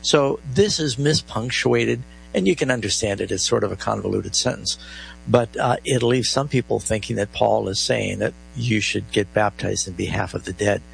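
A man's voice: on the low side, normal speed, vocal fry, a little hiss or hum, rough recording. A man hosting a live call-in Bible radio show, explaining scripture and reading verses aloud with stressed emphasis.

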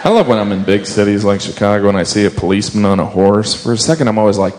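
A man's voice: on the low side, very fast, few pauses, a crowd in the background, noisy background. A man doing an observational stand-up set on stage, chatting with asides to a live audience. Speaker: stand-up comedian. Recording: live show with audience laughter.

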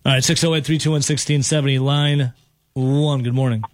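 A man's voice: medium pitch, steady tone, no echo. A man hosting a sports radio show, teasing and joking in casual banter with his co-host and a caller. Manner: joking, teasing, quick asides. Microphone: studio microphone.

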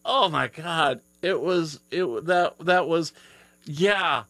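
A man's voice: fairly high pitch, slow, fairly bright tone, no room sound. A tired man hosting a live radio show, chatting casually and rambling with many restarts. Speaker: radio host. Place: radio studio.

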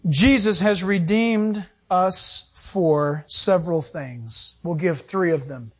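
A man's voice: high-pitched, takes it slowly, breathy edge. A middle-aged male pastor preaching a sermon, acting out quotes and laughing as he goes.

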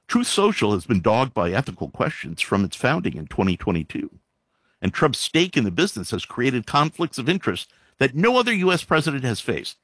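A man's voice: medium pitch, huge pitch swings, brisk, fairly bright tone, no room sound. A man reading news items aloud and breaking off into sarcastic, exasperated commentary with frequent sighs.

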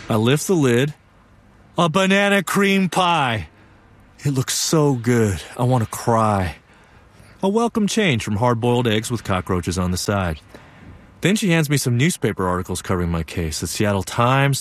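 Young male solo stage performer, very expressive swoops, animated narration. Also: medium pitch, a little slow. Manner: vivid, animated storytelling. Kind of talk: one-man theatrical monologue.

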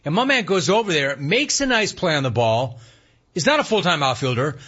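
A man's voice: on the high side, big pitch swings, a little fast, bright, forceful tone, breathy edge, dull audio. A man hosting a sports talk radio show, telling a baseball story with laughter and mock outrage.

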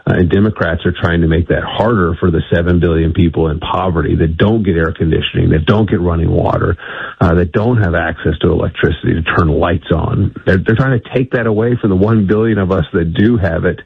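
Emphatic radio guest, a man with a low husky voice on a dry, tinny phone line. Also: fairly even intonation, fairly quick, no room sound. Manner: emphatic, restarts often. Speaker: energy policy guest.

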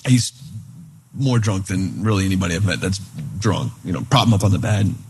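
A man preaching a sermon in a relaxed, conversational way, telling a story and voicing the people in it. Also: low voice, brisk, slightly rough. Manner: conversational, animated retelling with quoted voices. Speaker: pastor.

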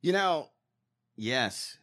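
High, bright-voiced man ranting. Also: lively intonation, very slow. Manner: angry, profane, mocking. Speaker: co-host. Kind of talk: profane political talk show rant.

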